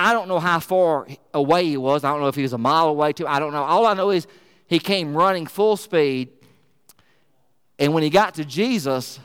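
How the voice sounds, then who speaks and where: A man preaching a sermon in an animated, emphatic way with folksy asides. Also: a little high, clean tone. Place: church sanctuary. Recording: reverberant church hall.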